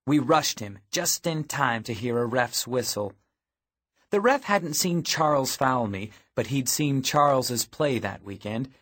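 A man's voice: medium pitch, fairly bright tone. Man, audiobook narrator, first-person story, wry and matter-of-fact, mid-range voice.

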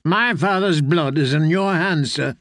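A man's voice: fairly high pitch, a little slow, fairly bright tone, no echo, clean studio sound. A man voicing a bitter, accusing young noble heir. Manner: accusing, resentful.

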